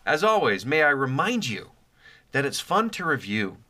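A man with a bright, forceful voice hosts a podcast from his home office, rambling and joking with plenty of fillers. His voice is still recovering after a chest cold. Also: mid-range voice, sing-song, normal speed. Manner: jokey and rambling, many fillers. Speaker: podcast host. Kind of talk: casual rambling podcast intro.

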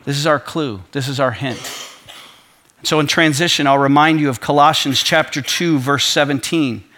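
A man's voice: on the high side, normal speed, bright, forceful tone. A man preaching a sermon as pastor, reading scripture and growing impassioned as he builds his point.

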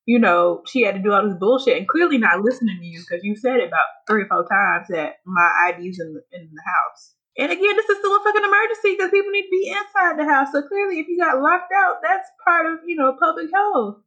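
A woman's voice: high voice, fast, few pauses, bright, forceful tone. A woman in casual chat, reacting with blunt, profane commentary. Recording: dull lo-fi sound.

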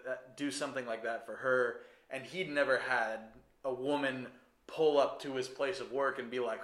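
Animated man in an echoey room. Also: medium pitch. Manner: animated storyteller who acts out scenes. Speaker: podcast co-host. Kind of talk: casual chat about a film. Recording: roomy echo.

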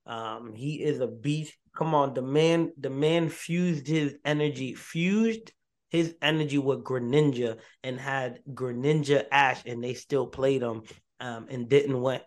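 A man hosting a podcast in casual chat, getting excited and repeating himself as he works out his point. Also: medium pitch. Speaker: podcast host.

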